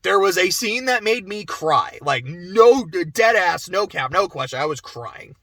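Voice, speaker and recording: A young man giving a casual spoken game review, animated, swearing and going off on asides. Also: sits high, measured pace, no room sound. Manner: animated, swears, laughs often, trails off into asides.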